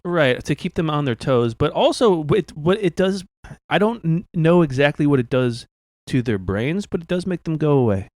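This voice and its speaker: A man hosting a comedy podcast, improvising as a doctor in a deadpan, halting way full of restarts. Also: fairly high pitch, dry recording.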